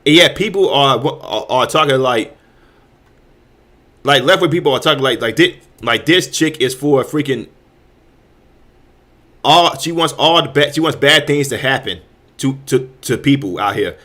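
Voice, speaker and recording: A male host ranting in heated commentary, his voice at a middle pitch for a man. He restarts his sentences over and over, repeating words as he pushes his point. Profanity runs through his delivery. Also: lively intonation, unhurried, pauses often, pushed and bright. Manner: heated, repetitive, stammering restarts with frequent profanity.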